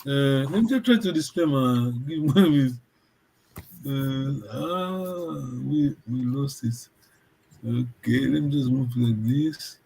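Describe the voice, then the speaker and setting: A man's voice: medium pitch, slow, vocal fry, darkish tone, husky. A man teaching a language lesson over a video call, patiently checking that his students follow.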